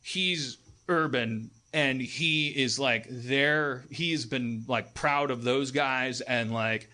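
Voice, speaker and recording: Bright-voiced, profane storytelling man. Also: mid-range voice, slow pace. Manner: profane, animated, acts out quoted people in raised voices. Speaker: podcast host. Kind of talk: rambling comedic storytelling. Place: live stage.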